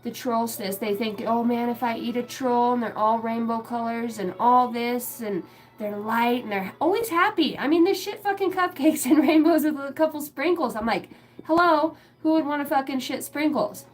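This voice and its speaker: A livestream host with a fairly high voice rambles crudely at a moderate pace, swearing often and giggling as she talks. The audio quality is poor.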